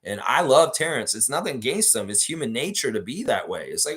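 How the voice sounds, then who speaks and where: A man's voice: medium pitch, big pitch swings, brisk, fairly bright tone. A man hosting a live basketball fan stream, talking in a blunt, rambling, profane way and reading viewer comments aloud. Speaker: sports fan show host.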